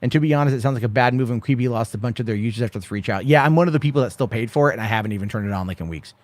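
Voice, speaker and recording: A man's voice: mid-range voice, very fast, no room sound. A man hosting a late-night chat stream, reading out viewer questions and answering them in a rambling, profane, offhand way. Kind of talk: casual live-stream chat.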